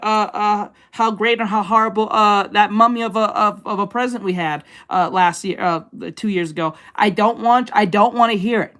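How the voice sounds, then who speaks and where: Woman streamer, casual chat, excitable, profane, laughs easily. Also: mid-range voice.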